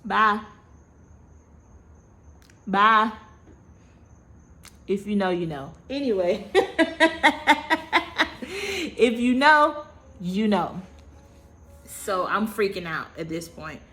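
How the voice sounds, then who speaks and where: A woman in her thirties telling a personal story to camera in a casual, animated way, dramatic and repetitive, with slangy, self-mocking asides. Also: medium pitch, extremely slow, long pauses. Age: 30s. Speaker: vlogger.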